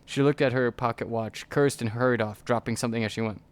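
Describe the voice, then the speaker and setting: A man's voice: mid-range voice, steady tone, smooth. Man reading a game aloud, stumbling. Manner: reads quickly with frequent stumbles. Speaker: let's player.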